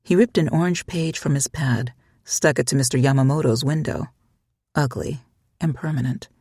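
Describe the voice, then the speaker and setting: An audiobook narrator reading a short story in an even, measured way. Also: medium pitch, husky, dry recording, clean studio sound. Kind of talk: scripted narration.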